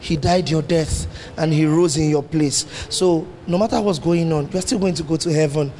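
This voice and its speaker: A man with a high voice preaches a sermon in a church hall, full of rhetorical questions and sudden leaps and drops in pitch. A long hall reverb trails every phrase. A faint hum of ambience sits underneath. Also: normal speed, a little mellow.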